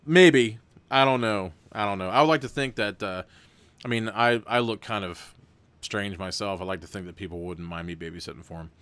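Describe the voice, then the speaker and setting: A man's voice: fairly low pitch, brisk, a bit bright, smooth, dry recording. A man hosting a live stream, narrating a gamebook and breaking off into rambling, chatty asides with frequent restarts.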